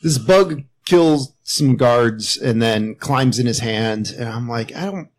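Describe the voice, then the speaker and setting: A man's voice: medium pitch, slow pace. Dry-humored man on a movie podcast. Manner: dry, unenthused storytelling. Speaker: podcast co-host. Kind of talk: casual movie chat.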